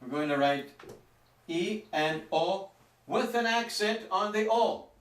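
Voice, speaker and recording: A man teaching a Spanish grammar lesson, speaking slowly and stretching out words to show their pronunciation. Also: high voice, lively intonation, a bit bright. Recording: roomy echo, mic some distance off.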